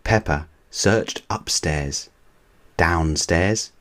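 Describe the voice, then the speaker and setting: A man reading a children's storybook aloud as narrator, in a measured, even way. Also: deep voice.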